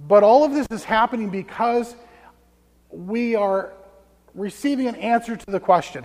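A male pastor preaching a sermon in a church, telling the story conversationally and dropping to hushed tones for emphasis. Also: on the high side. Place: church sanctuary. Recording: long church reverb.

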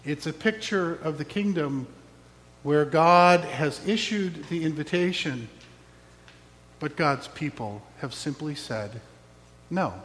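A man's voice: a little high, lively intonation, slow, long pauses, fairly bright tone, in a large hall. A man preaching a sermon as pastor, reflective with wry asides.

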